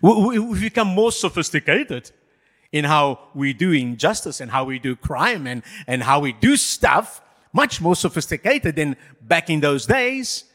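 Man preaching, high voice, very animated, joking with the congregation, long hall echo. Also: unhurried. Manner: animated and jokey, addresses the congregation. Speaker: pastor. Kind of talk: sermon.

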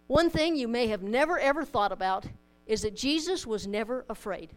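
A woman's voice: fairly high pitch, expressive, normal speed, rough recording. A woman preaching a sermon to a congregation, conversational and plainspoken, mixing scripture with homely stories and light humor. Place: church in front of a congregation.

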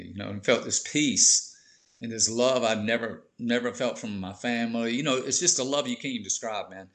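A man speaks about his faith in a casual podcast chat, earnest and openly moved. His delivery is heartfelt and plainspoken, dotted with an easy "man." His pitch sits in an ordinary middle register. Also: a little fast, a bit bright. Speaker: podcast guest, bishop. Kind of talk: emotional testimony in casual chat.

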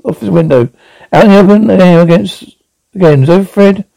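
A man's voice: fairly high pitch, vocal fry, warm tone, no echo, rough recording. A man reading a novel aloud as narrator, with frequent slips and restarts. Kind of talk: audiobook reading.

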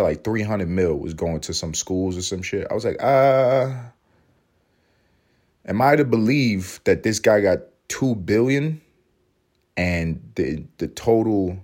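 Podcast host, male, deep register, loose and swearing, riffing at length with laughing asides. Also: a little mellow. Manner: profane, rambling rant with laughing asides. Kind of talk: casual comedic monologue.

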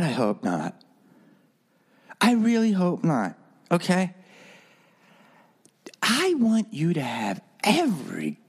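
A man hosting a solo podcast, talking bluntly and profanely, sometimes acting out other people's voices. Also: husky. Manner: animated, swings between low mutters and high mock voices. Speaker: podcast host. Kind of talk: opinionated solo podcast rant.

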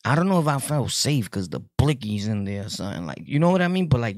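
A man's voice: medium pitch, big pitch swings, fast talker, few pauses, dry recording, clean studio sound. A man with a New York accent telling prison stories in a casual, joking way, laughing often and using heavy street slang. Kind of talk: casual storytelling to camera.

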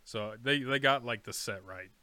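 A man's voice: medium pitch, normal speed, sharp tone, clean tone, dry recording. A young man co-hosting a podcast, telling stories bluntly and with animation in casual chat. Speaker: podcast co-host.

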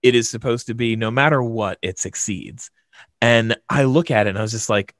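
Animated man telling a game story. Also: medium pitch, brisk, no echo, clean studio sound. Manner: animated, self-deprecating, with frequent restarts. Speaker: game master. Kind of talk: casual storytelling in conversation.

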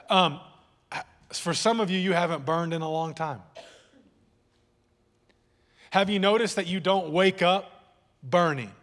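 Conversational pastor in a reverberant church. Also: male voice, fairly high pitch, a bit bright. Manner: conversational preaching with repeated words and audience jokes. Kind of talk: sermon. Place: church hall.

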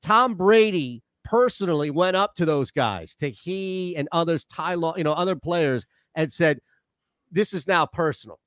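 A man's voice: on the high side, animated, moderate pace, hardly any pauses, a bit bright, no echo. A man hosting a sports talk show, who makes his points directly and steers the conversation. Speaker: radio host. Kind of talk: casual sports radio chat.

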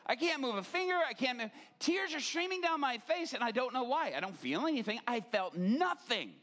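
A man's voice: very high voice, big pitch swings, fairly quick, fairly bright tone. A male pastor telling a dramatic personal story as part of a sermon.

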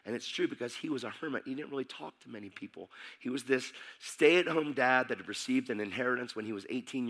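A man preaching a testimony, animated and emphatic, dropping to a hush and then shouting as he acts out the scenes. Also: medium pitch. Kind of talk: sermon testimony storytelling.

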